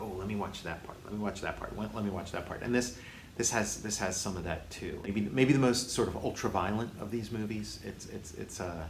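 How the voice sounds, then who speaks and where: A man hosting a casual movie review, halting often with restarts and fillers. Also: lowish voice. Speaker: host, film reviewer. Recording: echoey room with faint hiss.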